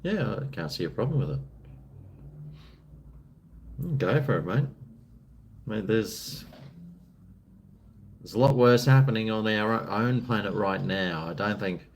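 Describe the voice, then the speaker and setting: Australian bloke live-streaming, easygoing rambling banter, voice swings up and down a lot. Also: male voice, on the low side, expressive, a little slow, long pauses, a little hiss or hum. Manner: laid-back, rambling, jokey. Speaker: live streamer reading chat. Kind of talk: casual live-stream chat.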